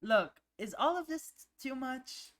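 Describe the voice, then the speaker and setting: A woman voicing a gentle, playful young male furry character from a visual novel, soft and caring with a teasing edge. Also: high voice, animated, unhurried, voice pushed up. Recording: music playing underneath.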